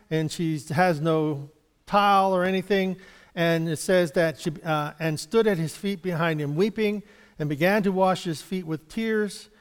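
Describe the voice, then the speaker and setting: A man's voice: on the high side, clear, resonant tone. Chatty man teaching scripture in an echoey hall. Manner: chatty and rambling, chuckles often, acts out little dialogues. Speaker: Bible teacher. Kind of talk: informal Bible study teaching.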